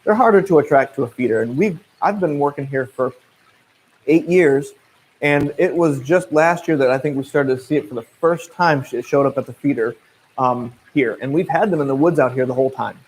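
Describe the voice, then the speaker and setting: A man's voice: medium pitch, a little fast, husky, poor audio. Casual, chatty Midwestern man explaining birds. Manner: relaxed, chatty, with frequent fillers and restarts. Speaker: naturalist guide. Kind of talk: casual livestream Q&A.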